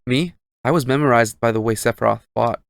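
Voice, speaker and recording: A man's voice: mid-range voice, a little fast, creaky, dry recording, lightly acted. A man reading the lines of an earnest, unsure young soldier aloud from a video game, in a lighter, slightly raised voice.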